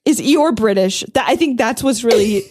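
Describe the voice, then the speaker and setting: A woman's voice: a little high, expressive, moderate pace, a little mellow, husky, no echo, studio quality. Joking woman podcast co-host. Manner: joking, curious, swears casually. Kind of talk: casual chat.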